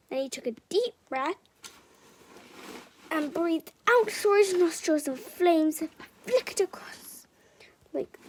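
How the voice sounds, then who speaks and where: A woman reads a children's picture book aloud, often sinking into a whisper and stopping for chatty asides. Her voice is high with a gravelly edge. She takes it slowly, with a lively, swooping melody. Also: slight background noise. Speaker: storyteller.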